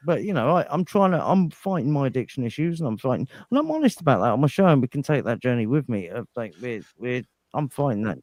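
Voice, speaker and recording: An English man on a podcast, rambling through crude banter with lots of halting restarts. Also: medium pitch, very animated, darkish tone, no room sound. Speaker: podcast guest.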